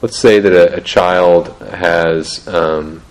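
Deep-voiced man, halting casual teaching. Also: steady tone, a little hiss or hum, poor audio. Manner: halting, restarts often, laughs at himself. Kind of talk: casual teaching talk on parenting.

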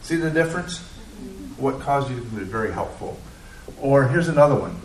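A man leads a counseling class in a roomy classroom, with a little noise in the background. His pitch sits in the middle. He puts questions to the class and acts out the answers people give. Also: lively intonation, a little fast. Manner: asks the class questions, acts out quoted replies. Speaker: counseling instructor. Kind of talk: classroom teaching.

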